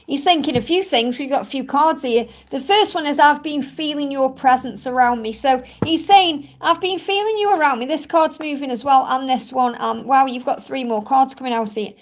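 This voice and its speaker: A woman's voice: high-pitched, a little hiss or hum. A woman doing a live card reading, answering viewers' questions in a soothing way and calling them honey. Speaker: tarot card reader.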